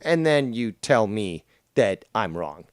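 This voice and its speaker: A man's voice: fairly low pitch, big pitch swings, slow pace, dry recording, studio quality. Profane, mocking male streamer. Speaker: streamer reacting to a clip. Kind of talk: casual stream commentary.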